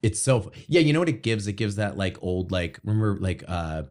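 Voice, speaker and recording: A man's voice: fairly low pitch, expressive, fairly quick, a little mellow. A man hosting a casual interview podcast, chatty and prone to trailing off and restarting his sentences. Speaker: podcast host.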